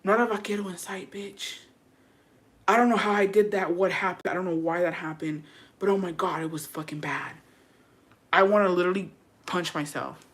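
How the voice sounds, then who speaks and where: A woman's voice: lowish voice, steady tone, moderate pace. A young woman vlogger telling a personal story in a casual, chatty way, swearing freely and turning aside to address her viewers.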